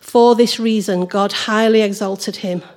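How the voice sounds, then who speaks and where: Woman service leader, croaky voice, cheerful and prayerful, reads scripture in church. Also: mid-range voice, fairly even intonation, measured pace, a little mellow. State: hoarse. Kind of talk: leading prayer and reading scripture.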